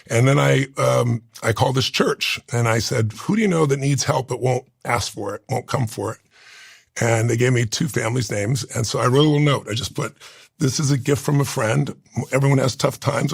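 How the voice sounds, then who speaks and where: A man's voice: mid-range voice, gravelly, husky, no room sound. A man in his sixties telling a personal story in an interview, earnest and heartfelt, close to tears at times. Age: 60s. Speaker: interview guest. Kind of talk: emotional storytelling.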